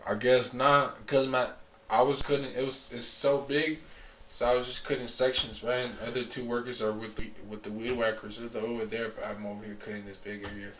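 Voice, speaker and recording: A man's voice: medium pitch, flat delivery, brisk, a bit bright, a little hiss or hum. A young man telling a long story in casual chat, rambling with lots of fillers and restarts.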